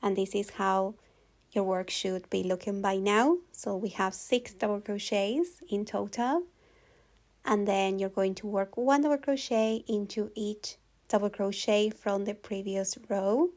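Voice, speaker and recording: A woman giving a calm, patient step-by-step crochet tutorial voice-over, repeating each step clearly. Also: mid-range voice, unhurried. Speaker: crochet instructor.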